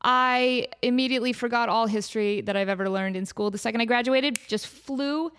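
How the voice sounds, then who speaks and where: A woman's voice: on the high side, a little fast, smooth. A woman hosting a comedy podcast, rambling through a silly made-up story, laughing often and acting out bits. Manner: animated, laughs often, acts out silly voices.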